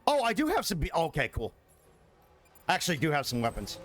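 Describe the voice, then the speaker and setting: A man's voice: on the high side, huge pitch swings, fairly quick, fairly bright tone, slight background noise. A young man streaming a video game, swearing freely and talking back to his chat with exasperation. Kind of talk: casual gameplay commentary.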